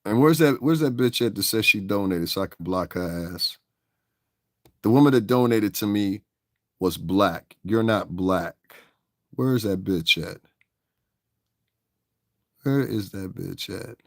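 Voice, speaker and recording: A man with a somewhat low voice rants on his livestream, angry and combative, swearing freely. The sound is dry, with no room echo. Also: measured pace, long pauses. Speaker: livestream host. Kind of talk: casual livestream rant.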